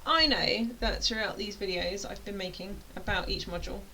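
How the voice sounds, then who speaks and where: A woman from the United Kingdom, tutoring an online course, chats her way through a casual explanation, playful, rambling and self-interrupting. Her mid-range voice has a sharp tone at a moderate pace, captured in a rough recording with faint hiss.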